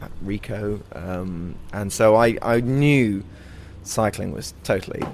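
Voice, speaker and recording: A young man, a comedy performer, giving thoughtful, earnest interview answers and growing animated as he recounts. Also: on the low side, slow, vocal fry, a little hiss or hum.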